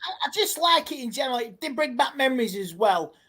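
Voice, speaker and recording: A man's voice: very high voice, sing-song, bright, forceful tone. Easygoing man reminiscing. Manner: reminiscing, easygoing, a bit halting. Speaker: guest panelist. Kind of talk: casual podcast chat.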